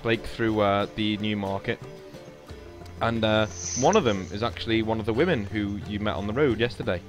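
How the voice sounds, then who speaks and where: A man's voice: on the low side, normal speed. A man running a tabletop game as game master, telling the scene with many fillers and restarts. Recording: faint music behind.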